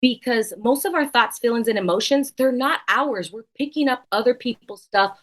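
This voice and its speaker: A woman's voice: on the high side, moderate pace. Earnest woman guest, repeats for emphasis. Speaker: podcast guest. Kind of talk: casual interview conversation.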